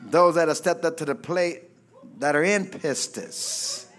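A man pastor preaching a fervent sermon, reading scripture and calling for amens from the congregation, often shouting. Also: a little high, unhurried. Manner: reads scripture aloud, then explains it.

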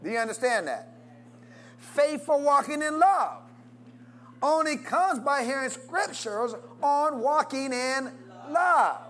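Slow and sweeping in pitch, this man's voice carries a call-and-response sermon. He constantly throws questions out to the congregation, urges them to say amen, and lets his pitch and loudness rise and fall dramatically.

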